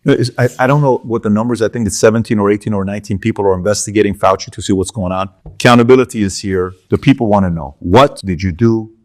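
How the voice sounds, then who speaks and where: A man giving animated political commentary while walking through charts, emphatic and conversational, with repeated asides to the viewer. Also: lowish voice, quick pace, hardly any pauses.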